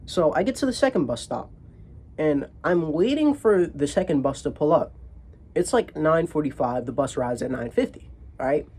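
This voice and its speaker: A young man telling a comedic story about his day, animated and heavily profane, often restarting his sentences. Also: fairly high pitch, moderate pace, slightly rough.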